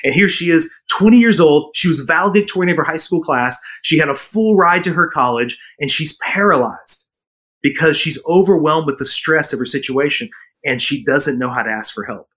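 A middle-aged man, a parenting coach, telling stories in an earnest, animated way during a casual interview. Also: fairly high pitch, moderate pace. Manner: earnest storytelling with frequent laughs.

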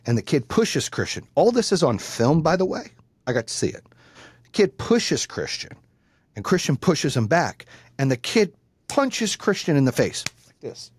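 A man's voice: mid-range voice, normal speed, breathy edge, no room sound. Middle-aged man telling a profane story. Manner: profane, animated, acts out the people in his story. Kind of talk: casual storytelling.

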